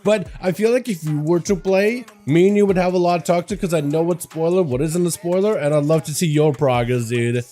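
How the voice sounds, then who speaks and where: Tired young guy streaming games, slangy rambling, bit high voice, faint music under it. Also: brisk, hardly any pauses, warm tone. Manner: laid-back, rambling, slangy, greets chat by name. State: tired, no coffee. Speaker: livestream host. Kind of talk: casual gaming stream chat. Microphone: desk mic in front of green screen.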